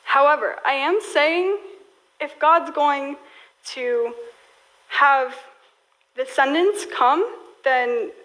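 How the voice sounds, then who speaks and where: A woman's voice: high voice, extremely slow, pauses often, fairly bright tone, low-quality recording. A young woman preaching a sermon in a casual, storytelling way, full of "like" fillers.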